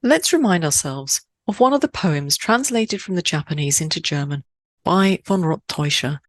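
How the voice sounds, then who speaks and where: A woman from Switzerland hosting a poetry podcast, speaking in a measured, deliberate way with lifts on key words. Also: fairly low pitch, lively intonation, no echo, studio quality. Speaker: podcast host. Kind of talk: scripted podcast narration.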